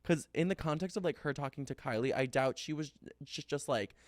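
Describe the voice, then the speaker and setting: A young man chatting casually as a podcast co-host, quick to giggle and full of "like"s. His voice sits a little high for a man, and the sound is close and dry with no room around it. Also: no room sound. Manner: giggly, animated, filler-heavy. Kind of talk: casual pop-culture chat.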